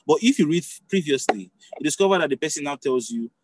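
Husky-voiced man teaching a sermon. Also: on the high side, animated, quick pace, darkish tone, no echo, low-quality recording. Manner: conversational teaching with frequent restarts and checks on listeners. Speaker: preacher.

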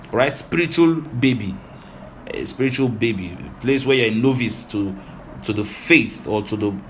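Man preaching verse by verse, rapid and lively, faint noise behind. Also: mid-range voice. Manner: rapid, animated, with frequent "right?" and "hallelujah". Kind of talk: Bible teaching sermon.

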